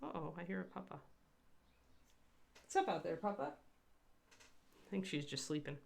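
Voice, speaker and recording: Woman host, low voice with vocal fry; rambling chatty painting demo, talks to chat. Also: sing-song, a little slow, a little mellow. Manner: chatty and rambling, answers live chat by name. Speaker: miniature painter hosting a livestream. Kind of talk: casual painting demonstration.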